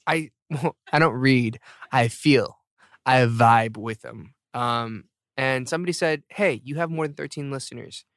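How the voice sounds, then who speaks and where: A man in his thirties, jet-lagged and tired, rambles and jokes at his own expense while wrapping up his podcast with casual chat. His voice sits in the mid-range, a bit bright and a little slow. The recording is dry and studio quality.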